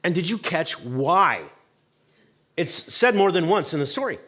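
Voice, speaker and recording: A male pastor preaching in a church, with a fairly high voice that swings widely in pitch. He talks conversationally, uses fillers, and asks the congregation questions. He acts out the voices in the Bible story as he goes. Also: normal speed. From United States. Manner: animated, acts out voices of people and God in quotes. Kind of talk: sermon. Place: church sanctuary.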